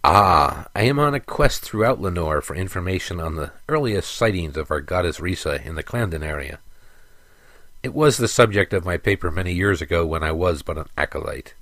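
A man's voice: sits low, lively intonation, fairly quick, a bit bright, no room sound. A man voicing a slightly senile old male monk, speaking hesitantly and forgetfully. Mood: doddering.

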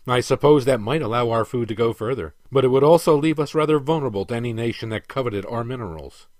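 A man reading the part of a stern aging emperor who lectures and commands with measured authority. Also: mid-range voice, a little mellow, no room sound, clean studio sound, lightly acted.

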